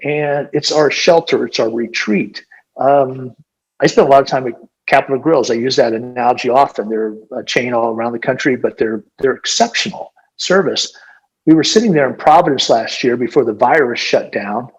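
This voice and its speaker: Husky-voiced older man telling stories. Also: mid-range voice, normal speed, muffled recording. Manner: rambling, animated, lots of "you know" and restarts. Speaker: gym owner and business coach. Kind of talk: casual podcast storytelling.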